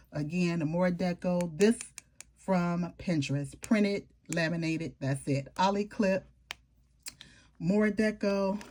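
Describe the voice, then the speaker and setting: A woman's voice: lowish voice, warm tone, a little hiss or hum. A woman chatting casually to her viewers as she flips through her planner, informal and talkative, with homey slang. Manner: chatty, informal, talks straight to viewers with southern-style slang. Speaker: planner vlogger. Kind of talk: casual show-and-tell chat.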